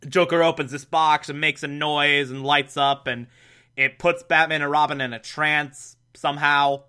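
Young male host, casual sarcastic recap, slightly high bright voice. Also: steady tone, clean tone. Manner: sarcastic, laughs often, does quick mock voices. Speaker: podcast host recapping a show.

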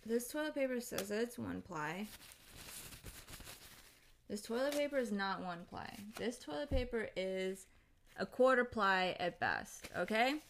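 A woman's voice: mid-range voice, very animated, measured pace, fairly bright tone, slight background noise. A woman vlogger ranting to camera, exasperated and emphatic, swearing freely.

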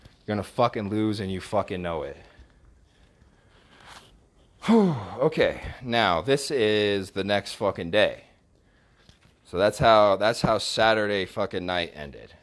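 A man's voice: lowish voice, animated, slow pace, long pauses. A man ranting casually about text messages he received, swearing heavily and scornfully, often stumbling and restarting his sentences. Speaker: vlogger recounting text messages. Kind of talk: casual storytime rant.

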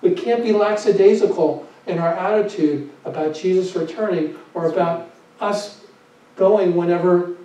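A male pastor with a high yet mellow voice preaches with emphatic, repeated phrases and rhetorical questions. He sounds distant from the mic, in a very echoey church with dull, muffled sound. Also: moderate pace. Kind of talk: sermon.

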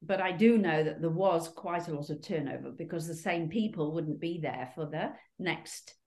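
A woman's voice: low voice, moderate pace, darkish tone. A woman speaking reflectively in a casual conversation. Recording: roomy echo.

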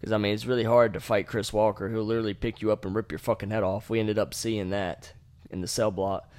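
A man's voice: on the low side, level tone, fast, a little mellow, dry recording. A young man hosting a podcast, casually and animatedly retelling a game with profanity and laughing asides. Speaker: podcast host.

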